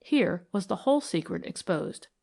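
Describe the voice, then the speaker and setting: A woman narrating a classic mystery audiobook in an even, deliberate reading. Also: fairly low pitch, gravelly.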